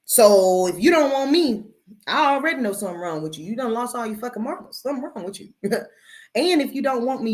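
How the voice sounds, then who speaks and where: Middle-aged woman, tarot host, sassy and blunt live-stream chat, mid-range voice. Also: mid-range voice. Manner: sassy, blunt and swearing, calls listeners baby. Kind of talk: casual live-stream talk.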